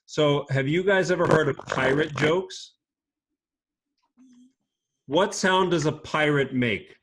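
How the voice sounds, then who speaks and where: A man teaching a children's class over a video call, patient and encouraging, speaking slowly and clearly. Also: fairly high pitch, a bit bright, slight background noise.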